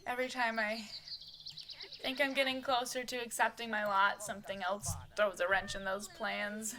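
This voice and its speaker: A woman's voice: medium pitch, level tone, normal speed, sharp tone, natural voice. A woman voicing a rambling, frustrated woman. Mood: venting. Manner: rambling and venting. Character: restless, frustrated grown woman.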